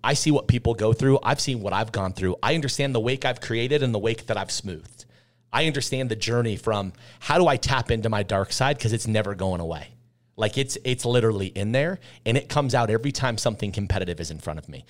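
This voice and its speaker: A man's voice: fairly low pitch, expressive, brisk. A man in his thirties, a podcast guest telling candid stories in an intense, emphatic way, repeating phrases for weight. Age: 30s. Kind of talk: candid conversational storytelling.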